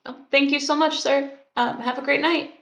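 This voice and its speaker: Woman playing timid adventurer, stammering, hesitant, squeaky high, awkward. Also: fairly even intonation, moderate pace, creaky, a bit bright.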